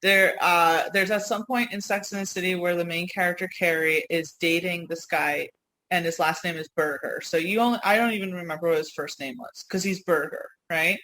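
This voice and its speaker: A woman from Yonkers with a New York accent, co-hosting a podcast in rambling, animated casual chat. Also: lowish voice, brisk, poor audio. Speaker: podcast co-host.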